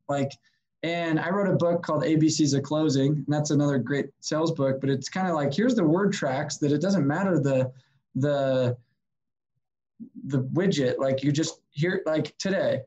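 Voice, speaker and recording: A man, a sales consultant guest, telling stories in a casual, energetic way and acting out the people he quotes. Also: on the high side, normal speed, lo-fi sound. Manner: energetic, animated, acts out quotes. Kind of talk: casual storytelling.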